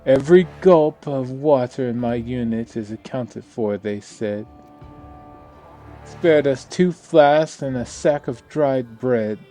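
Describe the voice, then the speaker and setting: A man's voice: medium pitch, slow, warm tone, soft background music, close to an everyday voice. A man reading the lines of a weary woman survivor in a game, telling a grim story in a subdued, somber way. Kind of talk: reading game dialogue aloud.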